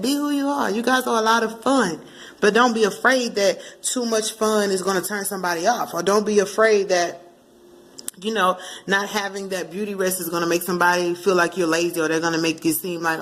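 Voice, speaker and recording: Playful, animated woman doing a tarot reading. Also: medium pitch, brisk. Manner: animated, playful, breaks into song and acted asides. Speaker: tarot card reader. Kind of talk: casual tarot reading to camera.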